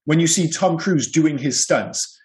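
A man's voice: a little high, a little slow, darkish tone, rough recording. A man co-hosting a podcast, talking in an enthusiastic, rambling way and laughing often. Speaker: podcast co-host. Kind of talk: casual chat.

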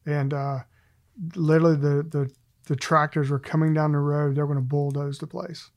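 Middle-aged guy, gravelly and kinda flat-sounding, guest on a faith chat, pokes fun at himself, laughs a lot. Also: fairly high pitch, normal speed. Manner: self-deprecating, laughs often while telling stories. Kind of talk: casual faith conversation.

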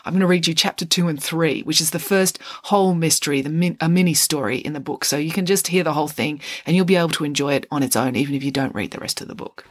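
A woman author reading a chapter of her own story aloud, expressive and playful. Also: deep voice, fast talker, hardly any pauses, dry recording.

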